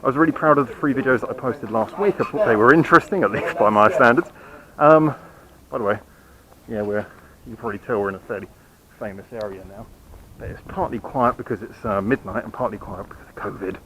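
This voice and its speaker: A channel host walks a quiet city street at night, filming himself on a handheld camera and giving a rambling, apologetic, self-mocking update, hiccuping now and then. His voice is medium-pitched, fast, pushed and bright, and the audio quality is poor.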